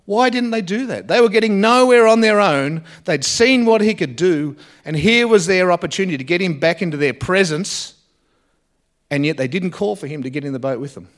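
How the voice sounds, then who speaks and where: A man delivers a sermon in an earnest, searching way. His voice sits a touch higher than most men's. He pauses often, and his phrases trail off softly at the ends. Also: expressive. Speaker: preacher.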